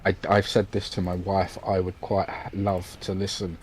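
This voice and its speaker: Low-voiced hesitant British man. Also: monotone, moderate pace, slight background noise, low-quality recording. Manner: hesitant, lots of ums and restarts. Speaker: podcast co-host. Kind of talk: casual chat.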